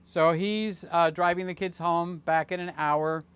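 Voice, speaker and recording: A man in his late sixties hosting a casual livestream, chatting in a rambling, jokey way with many fillers and sudden excited jumps. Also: on the high side, a little slow, smooth, dry recording. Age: 60s. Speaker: channel host.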